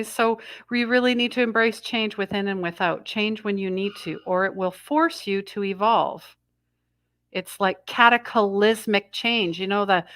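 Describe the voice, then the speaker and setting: A woman's voice: mid-range voice, bright, forceful tone, clean tone, no echo. Dry-voiced woman giving a spiritual talk. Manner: rambling, self-interrupting, channels messages she hears. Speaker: intuitive astrology host. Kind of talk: live spiritual energy update.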